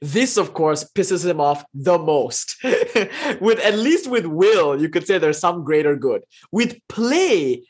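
Husky male lecturer, fast and lively, teaching a live online class. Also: on the high side. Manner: fast, animated explaining with playful asides. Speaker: philosophy teacher.

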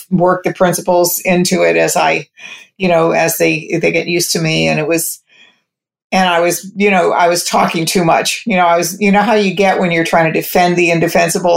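A woman's voice: on the low side, vocal fry. A woman telling a personal story to an interviewer, rambling, restarting sentences, and quoting what others said. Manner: rambling, with frequent restarts and quoted dialogue. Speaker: interview guest.

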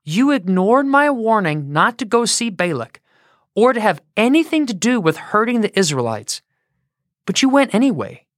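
A woman voicing God as a stern, commanding male figure who speaks slowly and gravely. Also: mid-range voice, big pitch swings, no echo, clean studio sound, lightly acted.

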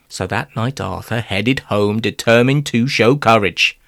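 A man's voice: fairly low pitch, unhurried, gravelly, few pauses, fairly bright tone, no echo, studio quality. A man reading a rhyming children's story in a playful, theatrical way. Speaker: narrator.

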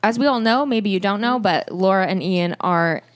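A woman's voice: medium pitch, moderate pace. Chatty young woman recapping a show. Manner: chatty storyteller, laughs often, acts out quotes. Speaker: podcast co-host. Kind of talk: casual chat recapping a reality show.

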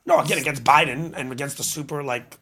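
A man's voice: medium pitch, fast, pushed and bright. A man hosting a podcast, rambling and opinionated in casual chat. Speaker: podcast host.

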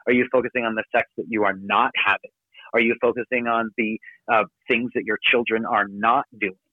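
A man giving an energetic, emphatic motivational talk from his office as a podcast guest. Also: lowish voice, no room sound. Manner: energetic, emphatic, rapid coaching delivery. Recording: dry, phone-like narrow sound.

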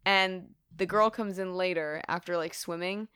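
A woman's voice: on the low side, fairly even intonation, normal speed, a bit bright, clear, resonant tone, no echo, clean studio sound. A woman co-hosting a podcast, casually recapping a film with lots of laughter and swearing. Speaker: podcast co-host.

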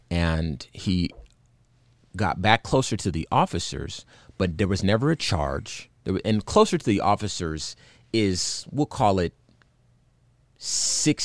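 Man, very low voice, earnest indignant commentary, halting with fillers, dry close recording. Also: no echo. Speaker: podcast host. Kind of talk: solo commentary recounting a video.

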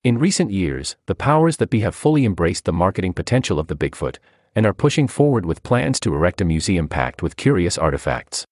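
A man reading a feature article aloud as scripted narration, in an expressive storytelling manner. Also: low-pitched, fairly quick, dry recording, studio quality.

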